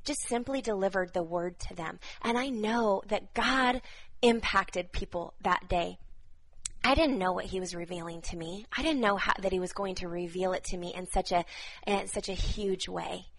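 A woman in her thirties speaking fervently as she gives prophetic words to viewers on a live stream, repeating phrases with soft laughs. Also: mid-range voice, moderate pace, rough recording.

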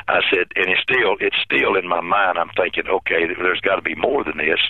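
A man who is a pastor, telling his own story in an interview, halting and earnest, repeating words and restarting often. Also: low voice, no echo. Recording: tinny phone-line sound.

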